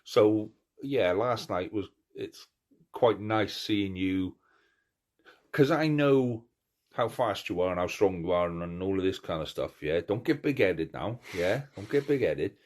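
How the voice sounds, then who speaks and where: A middle-aged man with a low voice hosts a casual podcast chat. He talks in an animated, rambling way, stopping and restarting as he acts out the moments he describes. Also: measured pace. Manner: animated storyteller, acts out crowd cheers; chatty, many restarts and fillers. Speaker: podcast host.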